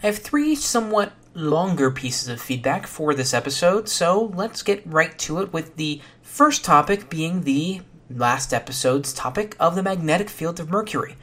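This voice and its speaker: Solo science podcast host, dry and sardonic, casual delivery, mid-range pitch. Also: animated, moderate pace, hardly any pauses, a bit bright. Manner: casual with fillers.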